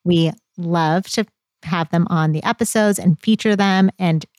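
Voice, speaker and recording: A woman in her thirties hosting a podcast in casual chat, talking in an upbeat, animated way with self-deprecating humor. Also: fairly low pitch, unhurried, no room sound, clean studio sound. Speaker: podcast co-host.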